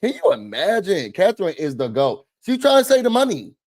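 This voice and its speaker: Animated man with a lively pitch. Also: brisk, no room sound. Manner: animated, talks straight to viewers, acts out quotes. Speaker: show host. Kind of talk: casual hot-topics commentary.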